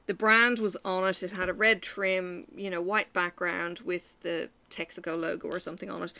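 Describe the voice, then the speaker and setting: An Irish woman, a crafting vlogger, rambles through homely stories in a relaxed, chatty way. Her voice is bright and her pitch sits in the middle for a woman. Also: creaky. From Ireland. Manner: rambling, chatty storytelling with frequent fillers. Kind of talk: casual chat while stitching.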